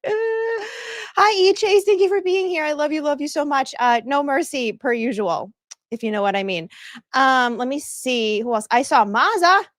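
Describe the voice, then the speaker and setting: Bubbly high-voiced woman chatting live. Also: moderate pace, no echo, clean studio sound. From northeastern United States. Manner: bubbly, greets chat by name, laughs often. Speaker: livestream host. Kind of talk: casual livestream chat.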